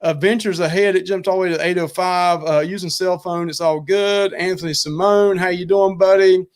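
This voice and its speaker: A man's voice: sits high, steady tone, normal speed. Chatty middle-aged man hosting a live stream. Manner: chatty and rambling, often thanking viewers. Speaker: co-host of a live cooking and travel stream. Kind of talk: casual live-stream chat.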